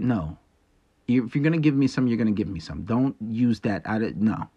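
A man's voice: fairly low pitch, sing-song, a little fast, warm tone, slightly rough. A man hosting a solo podcast, talking bluntly and with profanity as he lectures his listeners. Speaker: podcast host. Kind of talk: casual solo podcast monologue.

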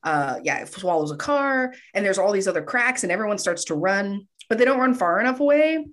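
A woman's voice: medium pitch, animated, brisk. Chatty laughing woman recapping a film. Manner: chatty, laughing, many fillers and restarts. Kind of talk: casual movie recap chat.

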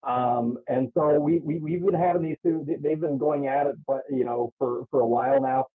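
A man's voice: mid-range voice, steady tone, normal speed. A man calling in as a wrestling promoter guest, talking hesitantly and repeating his words. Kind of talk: phone-in interview. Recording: tinny phone line.

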